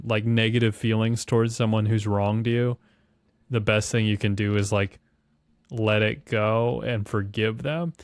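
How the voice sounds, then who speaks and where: A man's voice: lowish voice, clean tone, no echo. A man hosting a podcast, talking reflectively in long musing runs. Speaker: podcast host. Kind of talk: casual chat.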